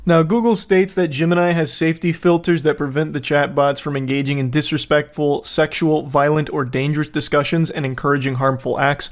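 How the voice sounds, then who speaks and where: Young guy ranting casually on his channel, kinda high voice, sarcastic and swears a lot. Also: steady tone, a little fast. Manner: sarcastic, profane, jokey asides. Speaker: commentary video host. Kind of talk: casual commentary.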